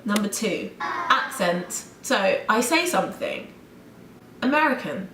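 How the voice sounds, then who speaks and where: A young British woman from the UK vlogging, talking fast with an animated, exasperated tone. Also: medium pitch, slight background noise. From United Kingdom. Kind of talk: ranting vlog. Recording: roomy room echo.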